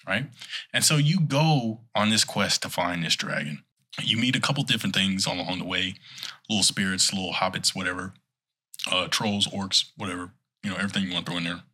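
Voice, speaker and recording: A man's voice: low voice, fairly quick, sharp tone, slightly rough. A man in casual chat, telling a rambling, playful story as a podcast co-host.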